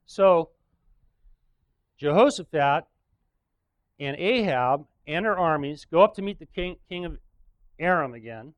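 Chatty preacher man with a higher voice. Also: lively intonation, a little slow, pauses often, no room sound. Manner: chatty, joking retelling with frequent chuckles. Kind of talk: casual sermon storytelling.

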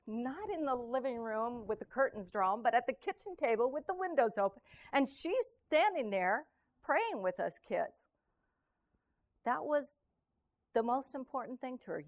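A woman preaching a sermon, reading scripture verse by verse and then telling a personal story, swinging between loud proclamation and hushed near-whispers. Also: mid-range voice. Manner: slow, deliberate reading of verse. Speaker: lay preacher.

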